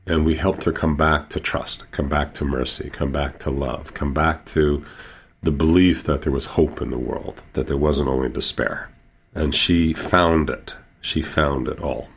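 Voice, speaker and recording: Deep gravelly male Sufi healer. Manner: slow, earnest, with repeated phrases. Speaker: Sufi healer and teacher, guest. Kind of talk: storytelling in an interview.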